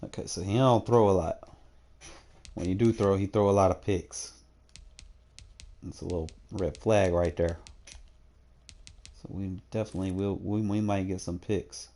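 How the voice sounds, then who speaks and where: With a deep, dark voice and fairly even intonation, a young gaming streamer casually talks through his football video game stats at normal speed, leaving long pauses. He's laid-back and slangy, often thinking aloud and talking to himself as he checks.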